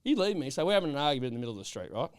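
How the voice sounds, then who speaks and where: A man co-hosting a podcast, telling a rambling travel story in animated, casual chat and checking in with "right?". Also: mid-range voice, racing, clear, resonant tone, no echo. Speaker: podcast co-host.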